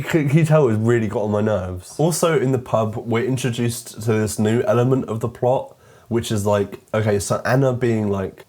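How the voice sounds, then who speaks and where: A man's voice: fairly low pitch, mellow. A young British man with a British accent, giving a sarcastic, casual video essay about a film and filling his talk with "like". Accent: British English. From Britain. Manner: sarcastic and wry, with many filler "like"s. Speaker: film commentator.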